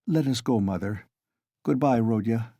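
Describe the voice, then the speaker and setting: A man reading an audiobook, voicing a proud, impetuous young woman who is quick to flare. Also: medium pitch, no room sound, clean studio sound. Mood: earnest. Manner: quick-tempered, then gentle.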